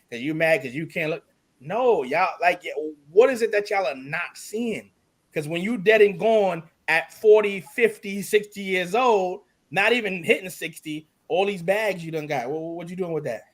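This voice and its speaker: A man's voice: fairly high pitch, moderate pace. A man co-hosting a podcast, talking earnestly through social commentary. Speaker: podcast co-host. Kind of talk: casual chat.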